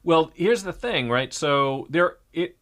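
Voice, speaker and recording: A man talks markets in a relaxed, searching way. His voice is bright and forward, and he pauses on fillers and restarts his sentences as he thinks aloud. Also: fairly high pitch. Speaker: show host. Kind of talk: casual market chat.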